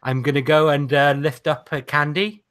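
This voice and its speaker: A man's voice: on the high side, fairly even intonation, moderate pace, a bit bright. Man describing his game moves. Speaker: player. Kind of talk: casual tabletop game play.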